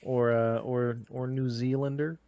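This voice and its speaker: A man playing in a tabletop game, chatting casually and speaking in halting starts. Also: mid-range voice, level tone, warm tone, slight background noise. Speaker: player. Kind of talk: casual chat.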